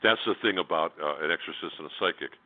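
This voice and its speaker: Over a tinny phone connection, a deep-voiced man speaking fast shares a personal story as a radio interview guest. His telling is blunt and candid, with plenty of fillers and false starts.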